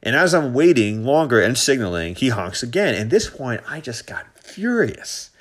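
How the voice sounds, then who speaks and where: A thirties-aged man hosts a casual sports podcast in a medium-pitched, very animated voice at a moderate pace. He rambles through a story with plenty of fillers and restarts, getting heated as it goes.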